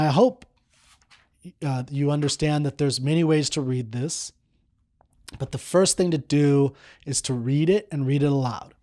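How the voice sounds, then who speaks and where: A middle-aged man teaching poetry, reading a poem slowly and then explaining it in an earnest way that repeats words for stress. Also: medium pitch, warm tone.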